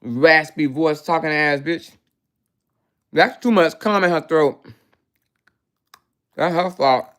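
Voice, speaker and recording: A woman's voice: low voice, slow, long pauses, fairly bright tone. A woman hosting a casual livestream, talking in a brash, profane, mocking way. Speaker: livestream host.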